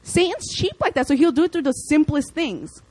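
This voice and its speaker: A young woman delivers a casual sermon in a fairly high voice. She keeps it chatty and lively, breaking into playful acted quotes. The sound is dry and close. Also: moderate pace, no room sound, low-quality recording. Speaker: preacher.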